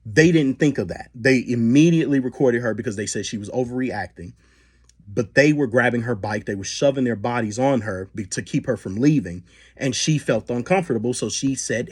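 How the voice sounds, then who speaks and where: A man's voice: medium pitch, brisk, slightly rough. A man hosting a solo commentary podcast, talking with many fillers and restarts. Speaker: podcast host.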